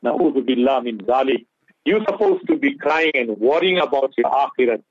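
A man's voice: mid-range voice, expressive, normal speed, slightly rough, no echo. A man giving impassioned Islamic advice on a radio talk show, mixing English with Urdu and Arabic phrases. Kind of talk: earnest religious talk on radio. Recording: dull lo-fi radio audio.

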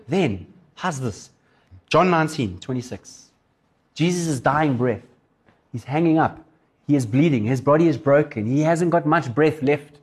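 With a husky, medium-pitched voice, this preacher brings his sermon stories to life, animatedly performing the voices of each character.

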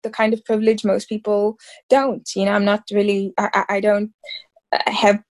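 A woman's voice: mid-range voice, flat delivery, normal speed, darkish tone. A woman in her thirties from South Africa, an actress talking casually in an interview, rambling and full of fillers. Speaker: actress guest.

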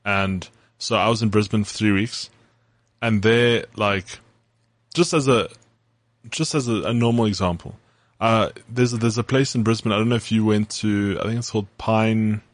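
Male podcast co-host from South Africa, lower voice, measured storytelling, dry sound. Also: steady tone, no room sound. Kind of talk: casual chat.

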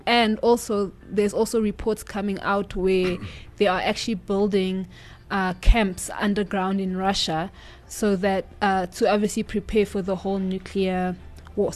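A woman co-hosting a casual talk show, chatty and questioning, with fillers. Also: medium pitch.

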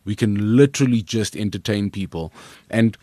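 A man with a South African accent, a comedian telling his story in an interview, lively and rambling, often repeating words as he restarts. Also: lowish voice, normal speed, no room sound, clean studio sound. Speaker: comedian guest.

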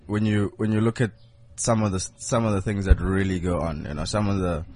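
Man, studio guest, lowish voice, faint background noise, laid-back. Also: fairly even intonation, a little fast, darkish tone. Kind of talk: casual radio banter. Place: radio studio.

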